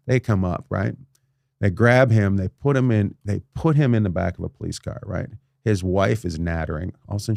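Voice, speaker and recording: A man from Canada spins stories as a podcast guest. His voice sits at a middling pitch with a gravelly edge. He talks in a close, dry studio sound, restarting sentences and checking in with "right?". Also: darkish tone, no echo. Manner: rambling anecdotes with restarts and frequent "right?". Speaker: guest comedian. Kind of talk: casual podcast storytelling.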